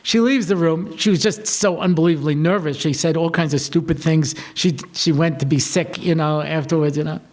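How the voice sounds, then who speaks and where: A man with a rather high voice gives a talk as a rabbi. He tells stories in a lively, conversational way and acts out the lines of the people in them. His talk is loose and peppered with "you know". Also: a little fast, hardly any pauses. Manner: chatty, animated, acts out dialogue, frequent "you know". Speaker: rabbi and lecturer. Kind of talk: storytelling talk to students.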